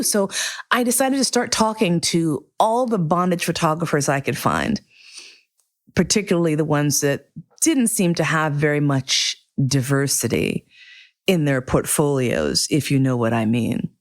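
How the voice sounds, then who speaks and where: Host, woman, middle-aged, low register, candid and profane storyteller. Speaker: podcast host. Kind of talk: casual storytelling monologue.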